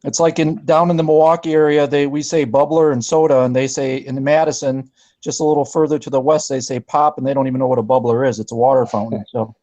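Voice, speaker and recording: A man's voice: mid-range voice, level tone, quick pace, warm tone, muffled recording. A man from southern Wisconsin with a Wisconsin accent, chatting on a video call in a friendly, slightly hesitant way. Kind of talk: casual chat.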